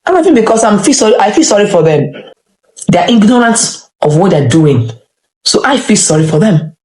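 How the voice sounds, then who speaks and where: A woman's voice: mid-range voice, big pitch swings, brisk, darkish tone. A woman as an interview guest, speaking passionately and repeating her phrases for emphasis as she answers critics. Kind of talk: emotional conversational interview. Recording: echoey room.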